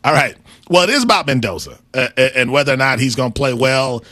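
A man's voice: medium pitch, lively intonation, bright, forceful tone, dry recording. A man co-hosting a sports talk show, chatting casually and laughing at himself as he breaks down football games. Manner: conversational, self-deprecating, quick to laugh. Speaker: sports analyst co-host.

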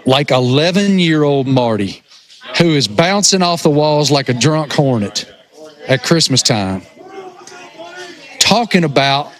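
A man's voice: fairly high pitch, unhurried, long pauses. Man with a thick Appalachian accent. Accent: rural Appalachian. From rural Appalachia. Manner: lively, self-mocking. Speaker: radio show co-host. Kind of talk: casual radio banter. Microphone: remote line over satellite internet.

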